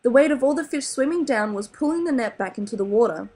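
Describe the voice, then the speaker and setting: A woman with an Australian accent reading a children's novel aloud in an animated, expressive way. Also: a little high, quick pace, poor audio. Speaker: storybook reader.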